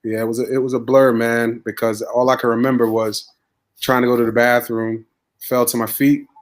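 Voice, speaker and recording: Flat, low-key man telling his story. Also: normal speed. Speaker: podcast guest. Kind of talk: casual chat.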